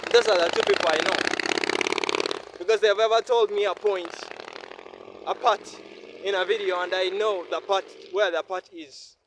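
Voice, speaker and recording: Earnest Ugandan man, raised pitch. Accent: Ugandan English. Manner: earnest, repetitive, heartfelt. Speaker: vlogger. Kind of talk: reflective vlog monologue. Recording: faint ambient noise.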